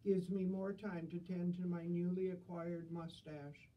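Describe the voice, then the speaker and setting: A woman's voice: fairly low pitch, little pitch movement, a little slow, distant mic, highs cut off, a little hiss or hum. An older woman reading humorous stories with dry, self-deprecating wit.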